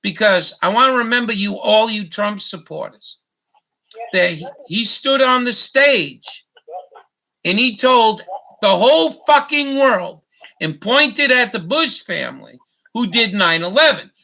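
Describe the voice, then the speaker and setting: High, gravelly, piercing ranting man. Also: expressive, bright, forceful tone. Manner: angry, profane, halting with restarts. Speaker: YouTube host. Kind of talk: profane ranting monologue.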